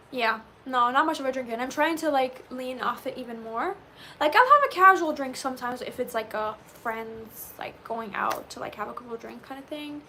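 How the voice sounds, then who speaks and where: A young woman with a bright, high voice chats away to her livestream audience. She answers viewers' questions loosely and animatedly, dropping "like" into nearly every thought. A faint hum sits behind her. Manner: chatty and animated, says "like" often. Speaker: livestreamer reading chat. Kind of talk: casual chat with live viewers.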